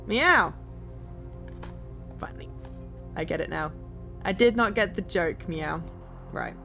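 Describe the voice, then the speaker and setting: A woman streaming a puzzle game, tacking a meow onto nearly every phrase as a dare while she thinks aloud with many pauses, sounding tired late at night. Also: low-pitched, creaky, soft background music. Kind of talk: casual charity stream commentary.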